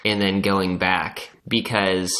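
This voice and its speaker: A man's voice: low-pitched, little pitch movement, slow pace, sharp tone. A man co-hosting a casual podcast, musing thoughtfully and analytically about a novel. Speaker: podcast co-host. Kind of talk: casual book discussion podcast.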